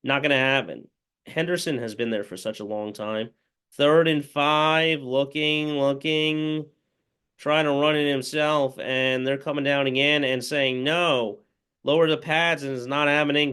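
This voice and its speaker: A man's voice: fairly high pitch, a bit bright, smooth. A man giving a casual play-by-play recap of a football game as a fan, rambling and full of fillers. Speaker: fan commentator.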